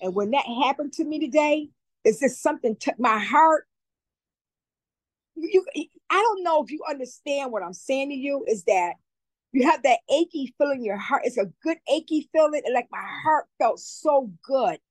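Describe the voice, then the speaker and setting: A woman's voice: high-pitched, lively intonation, moderate pace, dry recording, poor audio. A woman speaking as a community advocate guest, giving heartfelt, emotional testimony and often repeating herself.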